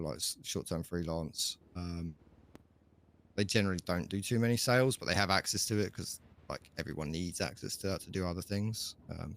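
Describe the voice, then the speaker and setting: In a game role-play, a man with a low-pitched voice and vocal fry plays a laid-back, chatty shop manager, the store's chief operating officer. He rambles on with plenty of fillers.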